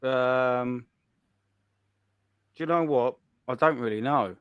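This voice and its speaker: Crude, joking bloke, dry close mic. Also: male voice, mid-range voice, takes it slowly, clean tone, dry recording, lo-fi sound. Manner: crude, jokey banter. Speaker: podcast co-host. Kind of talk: casual chat.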